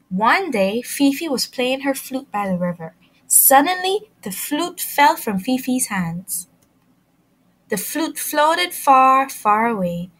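A woman hosting a children's reading channel, reading a picture book aloud in a slow, expressive storytelling manner. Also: a little high.

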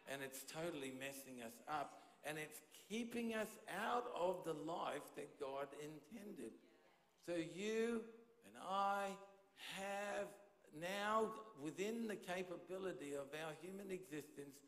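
A pastor delivers a sermon to his congregation in a large church auditorium, speaking into a handheld microphone in a somewhat high voice. He talks conversationally and keeps checking in with his listeners. The recording is echoey, with long reverb filling the hall.

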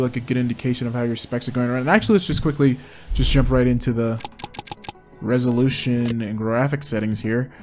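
A man's voice: medium pitch, darkish tone. A man giving chatty gameplay commentary as a game reviewer, exclaiming often and laughing at his own mistakes. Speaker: game reviewer and channel host.

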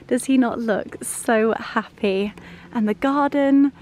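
Woman, gushing chatty vlogger, affectionate, fairly high voice, faint background noise. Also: slow pace, darkish tone. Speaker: lifestyle vlogger. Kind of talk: casual vlog chat to camera.

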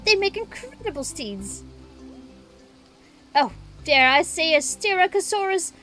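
A woman voicing a cheerful, eager dinosaur researcher from a video game, reading the lines aloud with bubbly excitement. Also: extremely high pitch, unhurried, soft background music, heavily acted. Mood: amazed.

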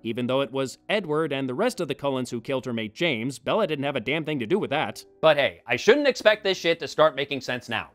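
A man's voice: mid-range voice, lively intonation, fast, few pauses, a bit bright, faint music behind. A man hosting a scripted comedic film commentary, with sarcastic, wry asides. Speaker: film review host.

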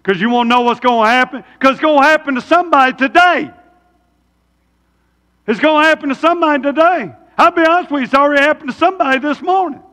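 A man's voice: very high-pitched, fast talker, pushed and bright. A man preaching a sermon, folksy, throwing rhetorical questions at the congregation. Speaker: pastor. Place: church sanctuary. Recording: long church reverb.

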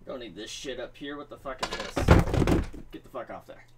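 A woman's voice: very deep voice, moderate pace, very noisy. A woman reviewing manga in a casual vlog, stammering over her words, swearing often and telling her story with exasperation. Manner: stammering repeats, frequent swearing.

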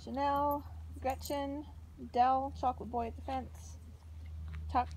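A woman's voice: sits high, measured pace, a little hiss or hum. A woman filming her puppies outdoors in a field, narrating casually and cooing to them in baby talk, recorded on a handheld camera. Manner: coos and sing-songs to the puppies. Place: outdoors in a field by a puppy pen.

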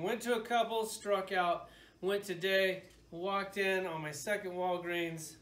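A man's voice: high-pitched, moderate pace, fairly bright tone, roomy sound. A man reviewing action figures in casual, rambling chat, with a sarcastic, joking manner. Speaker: toy reviewer.

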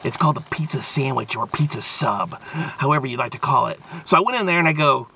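A man's voice: mid-range voice, brisk, vocal fry, slightly rough. A man hosting a casual, jokey food review vlog. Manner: playful, animated, jokey.

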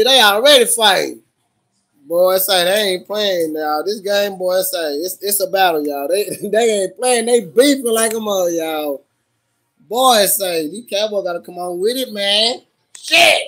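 A man livestreaming his reactions to a football game, loud and profane, cheering on and scolding his team. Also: high voice, a little slow. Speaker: livestream host.

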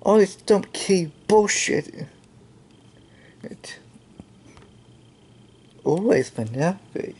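A slow-talking channel host delivers an angry commentary rant, swearing constantly and sighing between complaints. The speech comes in halting bursts, full of restarts and repeated exasperated questions. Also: medium pitch, animated, darkish tone, husky. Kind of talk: angry ranting commentary over screen content.

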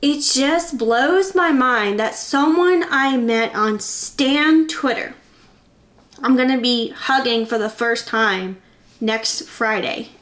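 A young woman vlogging from her bedroom in a chatty, excitable, rambling way. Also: high voice, slow. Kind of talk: casual vlog chat.

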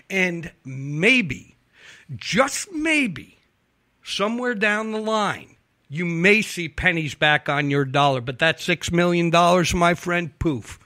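A man telling a long true-crime story on a talk show, animated and profane, acting out the people he quotes. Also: a little high, dry recording, studio quality. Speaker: investigative reporter guest.

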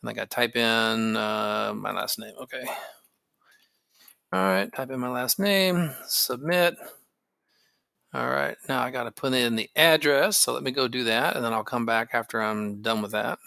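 A tech tutorial host with a mid-range, gravelly voice and a sharp tone speaks at a moderate pace. In a casual screen-recording walkthrough, he clicks through a phone service setup, thinking aloud with fillers. The recording is dry.

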